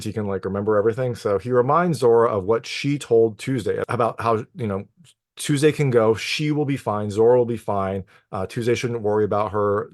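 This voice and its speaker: A man's voice: medium pitch, dry recording. Chatty male film reviewer, dry sound. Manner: loose and chatty, peppered with "like" and "you know". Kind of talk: casual spoken plot recap.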